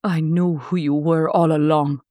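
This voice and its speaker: Woman doing Laura, husky jewel thief. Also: sits low, fairly even intonation, measured pace, dark tone, dry recording, studio quality. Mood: defiant. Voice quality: husky, foreign-accented English. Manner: pleading, emotional. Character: glamorous female jewel thief, passionate film heroine.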